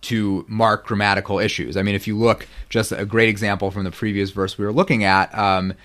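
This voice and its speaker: A man's voice: fairly low pitch, level tone, a little fast, fairly bright tone. A man lecturing on biblical Hebrew grammar in a rambling, self-correcting way. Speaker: guest scholar.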